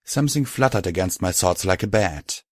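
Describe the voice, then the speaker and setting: Male audiobook narrator, lowish voice, dry close sound. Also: expressive, normal speed, no room sound. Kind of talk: scripted narration.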